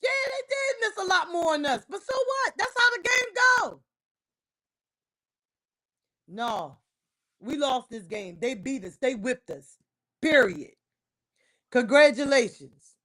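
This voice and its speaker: A woman ranting about her football team on a casual livestream, heated and emphatic, repeating herself and breaking into loud outbursts. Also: sits high, sing-song, takes it slowly, pauses often. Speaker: livestream host. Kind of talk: casual sports rant on a livestream.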